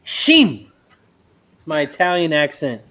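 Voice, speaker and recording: A man hosting a live betting stream, chatting jokingly and calling the races as they run. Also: on the high side. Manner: joking, quick race calls. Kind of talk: casual live-stream chat and race calling. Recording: dull lo-fi stream audio.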